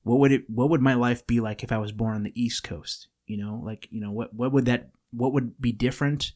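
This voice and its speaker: A man's voice: mid-range voice, fairly even intonation, brisk, darkish tone. Rambling Californian man, podcast host. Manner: rambling, many restarts and fillers, laughs easily. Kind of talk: casual podcast chat. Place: studio.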